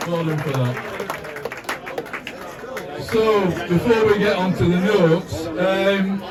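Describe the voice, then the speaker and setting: A man's voice: high-pitched, takes it slowly, far from the mic. A man acting as master of ceremonies at a club event, rallying the room. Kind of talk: event announcing. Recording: echoey room from afar, loud crowd and noise.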